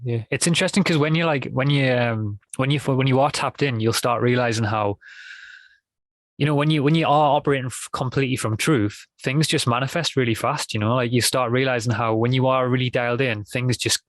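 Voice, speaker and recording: A man's voice: medium pitch, a little fast, no room sound. Rambling man, dry sound. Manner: rambling, many restarts and fillers. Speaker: podcast guest. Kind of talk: casual conversation.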